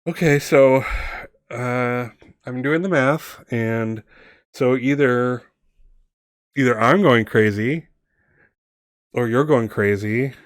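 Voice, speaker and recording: A man's voice: mid-range voice, slow, long pauses, no room sound, studio quality, natural voice. A man voicing an anxious, earnest teenage boy at a wizard school, talking in a pleading, rambling way. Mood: bewildered.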